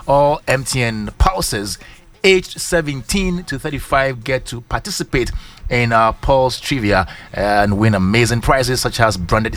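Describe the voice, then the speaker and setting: A man with a Ghanaian accent, a radio co-host doing an energetic, chanting ad read. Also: medium pitch. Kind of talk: hyped ad read.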